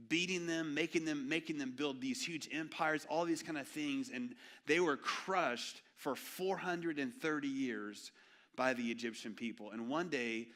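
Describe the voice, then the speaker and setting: A man, preaching an animated, joking sermon in a church. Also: medium pitch. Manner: storytelling, animated and jokey. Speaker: pastor. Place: church sanctuary.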